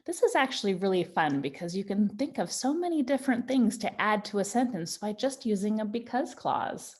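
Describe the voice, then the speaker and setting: Woman, children's writing teacher, patient and encouraging, mid-pitched, slows down on examples. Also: lively intonation, darkish tone. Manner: slow, patient and encouraging, stretching out example sentences. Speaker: Montessori teacher.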